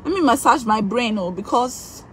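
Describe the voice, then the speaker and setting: Pleading, excitable Nigerian woman, high voice. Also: normal speed, slight background noise. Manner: emotional, pleading, repeats words, laughs often. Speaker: live streamer asking fans for votes. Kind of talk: excited live-stream chat.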